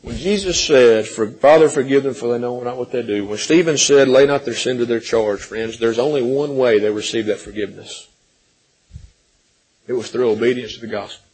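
A man preaching a sermon, swinging from loud pleading questions to hushed, gentle passages, calling listeners friends and repeating words as he builds. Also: mid-range voice, moderate pace, husky, poor audio. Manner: impassioned, rising and falling between loud pleading and hushed softness.

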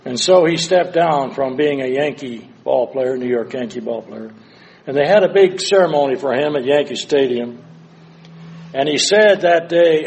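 An older man preaching a sermon, moving between hushed, slow passages and loud, dramatic cries. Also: medium pitch.

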